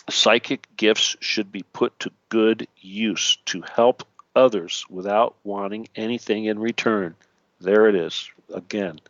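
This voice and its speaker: Here the host's voice is lowish and a little bright, captured with no echo in lo-fi sound. He's a man running an internet radio talk show who lectures preachily, keeps checking in with "okay" and "all right," and drops jokey asides.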